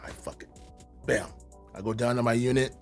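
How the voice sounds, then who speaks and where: A man in his fifties from Atlanta, a podcast guest telling a story in a casual, animated way, laughing and swearing often. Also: medium pitch, normal speed, faint music behind. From Atlanta, USA. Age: 50s.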